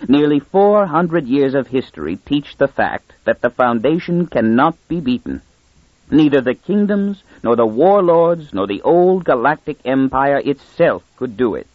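A man plays an aged, unflappable minister answering a furious ruler, with a soft, measured voice. The tone is husky, the recording muffled and dry, and the pitch moves in a lively way. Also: dry recording. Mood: calm. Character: very old calm male first minister.

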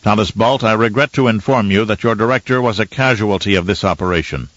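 A man's voice: lowish voice, fast talker, a bit bright, no room sound, muffled recording, close to an everyday voice. Man voicing a curt military commander. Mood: commanding. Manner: curt, clipped orders.

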